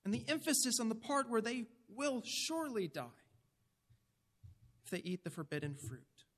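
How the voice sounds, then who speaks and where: A male preacher with a notably high voice delivers a sermon. He speaks earnestly and with emphasis, often turning to ask his listeners direct questions. His words carry a long, lingering reverb, as if spoken in a large hall. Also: sing-song, moderate pace, a bit bright, breathy edge.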